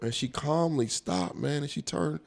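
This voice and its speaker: A man, a stand-up comedian guest telling animated stories in a casual interview, often acting out the people he quotes. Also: a little high, normal speed, vocal fry. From Colorado. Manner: animated storyteller, acts out quoted voices, laughs often.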